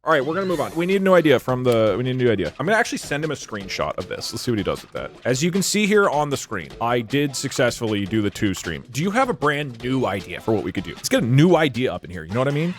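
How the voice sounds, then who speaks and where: Excitable, laughing male streamer. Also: medium pitch, fast talker, few pauses. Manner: excitable, laughing, mock-incredulous. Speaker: streamer host. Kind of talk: casual live-stream chat.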